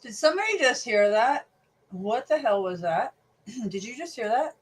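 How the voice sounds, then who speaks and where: A woman reacting to a video, excitable and incredulous, talking straight to her viewers. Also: on the high side, normal speed, slightly rough, distant mic. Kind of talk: reaction commentary.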